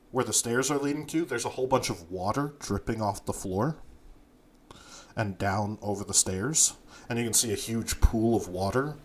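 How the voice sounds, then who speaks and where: A man narrating a tabletop game as game master, unhurried and full of fillers. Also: fairly low pitch, fairly bright tone.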